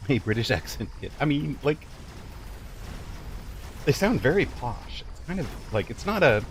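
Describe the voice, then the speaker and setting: A man's voice: mid-range voice, sing-song, moderate pace, slight background noise. A man streaming a strategy game, chatting casually and musing aloud to his viewers. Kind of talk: casual live-stream commentary.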